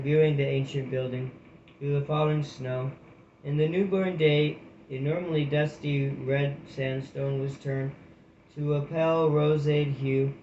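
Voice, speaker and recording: A man's voice: a little high, warm tone, roomy sound, dull audio, a little hiss or hum. Man reading a storybook aloud. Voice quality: reads with restarts and slips. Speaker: audiobook reader. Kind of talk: storybook narration.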